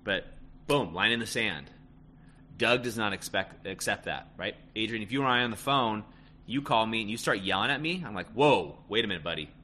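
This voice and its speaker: A man's voice: on the low side, fairly quick, pushed and bright, slight background noise. A man coaching listeners on relationships in a casual, emphatic way, often tagging lines with "right?". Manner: emphatic, repeats "right?" and "end of story". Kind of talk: casual advice talk.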